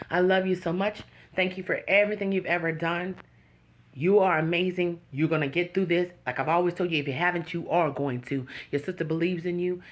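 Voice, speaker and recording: A woman's voice: on the low side, rough recording. A woman hosting her own channel, talking straight to her viewers with earnest, preaching encouragement. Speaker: YouTube channel host. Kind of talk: emotional direct-to-camera talk.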